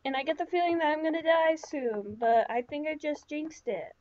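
High-voiced woman rambling through gameplay. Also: moderate pace, darkish tone, highs cut off, slight background noise. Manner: rambling, chatty self-talk with many fillers. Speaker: gaming channel host. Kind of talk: let's-play commentary.

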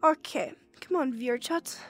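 A woman's voice: high-pitched, expressive, moderate pace, a bit bright, faint music behind. A young woman streaming and chatting casually with viewers, giggly and prone to exclamations. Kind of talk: casual livestream chat.

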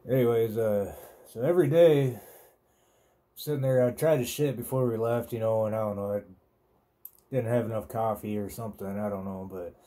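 A man's voice: on the low side, steady tone, moderate pace, mellow. A man hosting a podcast, telling a rambling, profane story in a laid-back, casual way. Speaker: podcast host.

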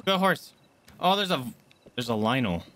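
A young man streaming a game, chatting casually with viewers, excitable, swearing, jumping from hushed asides to loud outbursts. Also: medium pitch, normal speed. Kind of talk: casual gameplay commentary.

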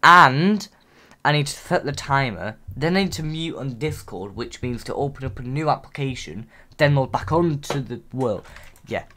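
A man's voice: medium pitch, expressive, moderate pace, pushed and bright. A man hosting a gaming video, casually talking through his build and getting flustered as time runs out. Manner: chatty, narrates his own moves, gets flustered under time pressure. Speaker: channel host. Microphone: desk mic.

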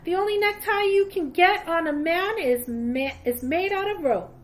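A woman reading aloud, voicing a good-humored old male gold miner with a rough, folksy frontier drawl. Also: fairly high pitch, moderate pace, natural voice.

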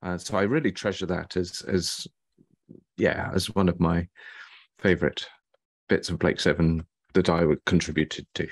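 A man's voice: sits low, steady tone, normal speed, creaky, slightly rough, no room sound. A man, a writer and actor, chatting as an interview guest and telling stories with animation and chuckles. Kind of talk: casual chat on a video call.

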